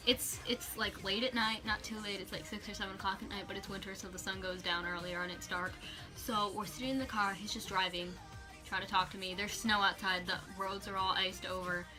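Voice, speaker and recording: Woman vlogger telling a story; bright, animated and chatty, with lots of fillers. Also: medium pitch. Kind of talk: storytime vlog.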